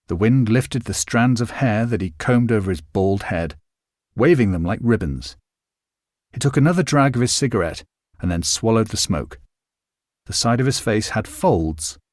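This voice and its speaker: Man, audiobook narrator, scripted narration, expressive, measured, middle pitch, dry close sound. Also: dry recording.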